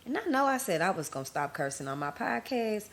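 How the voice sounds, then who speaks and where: A woman's voice: medium pitch, sing-song, a little fast. A woman hosting her own podcast, talking candidly and emotionally, speaking straight to her listeners. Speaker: podcast host. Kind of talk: personal podcast monologue.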